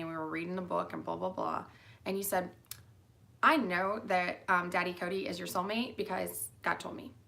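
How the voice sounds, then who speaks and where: Woman, young adult, tired, rambling and restarting, lowish gravelly voice. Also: pushed and bright. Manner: meandering, with fillers and mid-sentence restarts. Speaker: mother speaking to her daughter. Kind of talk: rambling personal monologue.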